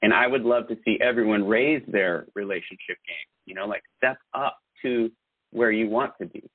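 A man's voice: lowish voice, normal speed, no echo. Earnest rambling man on a tinny line. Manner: earnest, rambling with filler words and restarts. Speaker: guest host. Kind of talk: casual podcast chat.

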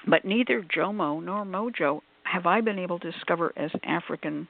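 A woman's voice: fairly low pitch, normal speed, creaky. A woman author on a call-in radio panel, explaining at length in a discursive, scholarly way with many asides. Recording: tinny phone-like line.

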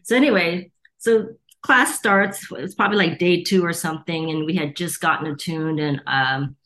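A woman's voice: lowish voice, normal speed, fairly bright tone. A middle-aged woman from the United States, a Reiki teacher, telling stories in an interview and acting out the voices of people she quotes. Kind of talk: storytelling interview.

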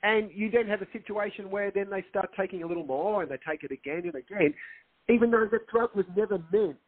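Male director guest, husky and a touch high, earnest explainer, tinny dry line. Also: animated, quick pace, no room sound. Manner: earnest, explanatory storytelling with acted quotes. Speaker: film director and co-writer, guest. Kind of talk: casual interview. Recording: tinny phone-line sound.

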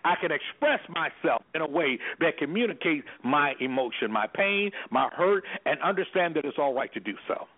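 A man's animated voice, on the high side and moderately paced with hardly any pauses, comes through phone-line audio on a call-in radio show. As an anger management specialist and guest, he preaches with emphasis and passion, performing the voices of those he quotes.

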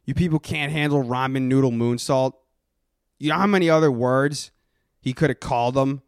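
A man's voice: medium pitch, darkish tone, smooth, no room sound, clean studio sound. A man hosting a comedy podcast in character, ranting aggressively and swearing constantly. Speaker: podcast host.

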